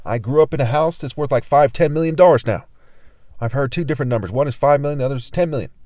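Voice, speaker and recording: A young man preaching a ranting video sermon, reading scripture with intensity, dropping from loud outbursts to low mutters. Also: quick pace, dry recording, clean studio sound. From California. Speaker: online preacher.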